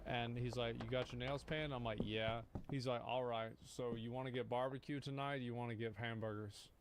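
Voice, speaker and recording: A man's voice: mid-range voice, fairly even intonation, moderate pace, background noise. A man in his thirties, a streamer reacting to a video with blunt, rambling, swear-heavy commentary. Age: 30s. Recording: clicking sounds in the background.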